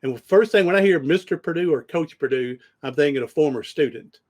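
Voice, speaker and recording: A man's voice: a little high, lively intonation, brisk, a little mellow. A man hosting a podcast, telling rambling stories in casual conversation with frequent restarts. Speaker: podcast host.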